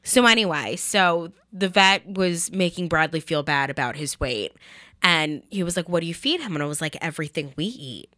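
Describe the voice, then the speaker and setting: A young woman, co-hosting a casual chat and telling animated stories full of "like". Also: low-pitched, moderate pace, no room sound. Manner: chatty, animated storyteller, lots of "like". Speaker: co-host.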